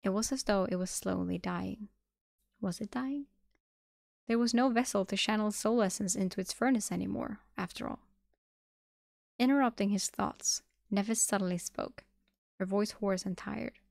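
A woman streamer reading a novel aloud on a live stream, steady with small restarts. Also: medium pitch, gravelly, dry recording, studio quality.

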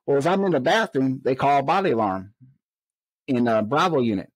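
Male guest, lively storyteller, mid-pitched voice, dry close sound. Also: brisk, dry recording, low-quality recording. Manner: animated, acts out quoted dialogue in raised voices. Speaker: interview guest, former correctional officer. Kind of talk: conversational storytelling.

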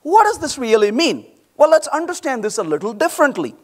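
A middle-aged man giving a conference talk, animated and playful, acting out quoted voices with quick asides to the audience. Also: very high-pitched. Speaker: conference speaker. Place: large conference hall.

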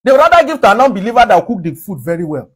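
A man's voice: sits high, sing-song, rapid-fire, husky. A man from Nigeria preaching a sermon, emphatic, with frequent laughs between his points.

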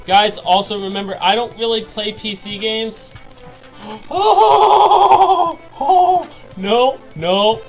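A man giving jokey let's play commentary, excitable and yelping and laughing as things go wrong. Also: high voice, a little slow, faint music behind, rough recording. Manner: excitable, yelps and laughs at mishaps. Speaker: gaming video creator.

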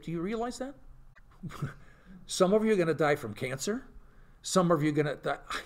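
A man, a pastor, teaching an informal Bible study to a live group, often asking rhetorical questions. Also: fairly high pitch. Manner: animated, peppers talk with rhetorical questions and "okay?".

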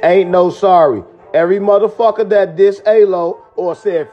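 A high-pitched man with a Chicago accent rants and taunts in a street vlog, aggressive and loud, throwing out threats. Faint music plays underneath. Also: normal speed, hardly any pauses, dull audio. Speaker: vlogger. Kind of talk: angry street vlog rant.

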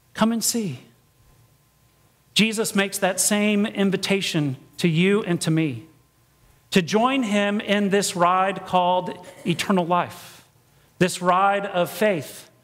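A man preaching a sermon in a church, telling a story with lively acted-out quotes. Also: high voice. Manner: storytelling, animated, acts out quoted voices. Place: church sanctuary. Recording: long reverb of a church.

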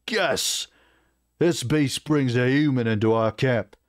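A man voicing a hot-tempered male orc war chief who snarls and shouts with contempt, read from a fantasy novel. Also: medium pitch, fairly even intonation, moderate pace, no room sound, studio quality, close to an everyday voice. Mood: scornful.

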